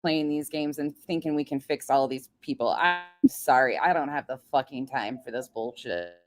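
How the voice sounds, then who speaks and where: A woman with a very deep voice hosts a casual livestream chat, talking to her viewers at a normal speed. She's blunt and profane and laughs often, with soft music playing behind her.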